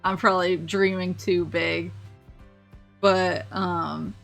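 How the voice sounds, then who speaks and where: A woman's voice: lowish voice, level tone, slow pace, creaky, a bit bright, faint music behind. A young woman streaming a casual chat, giggling often and rambling with lots of restarts. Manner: giggly, rambling, self-interrupting. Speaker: vtuber streamer.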